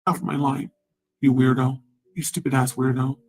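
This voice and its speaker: Husky woman going off on a rambling rant, cursing and taunting over and over. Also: very deep voice, flat delivery, moderate pace, a little mellow, low-quality recording. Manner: profane, rambling, repetitive taunting. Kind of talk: angry rant.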